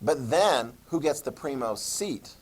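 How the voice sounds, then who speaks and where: A man's voice: mid-range voice, expressive, a little slow, a little mellow, breathy edge. A man teaching a history class, joking and checking in with questions. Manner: jokey, asks the class questions, "okay?" checks. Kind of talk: classroom lecture.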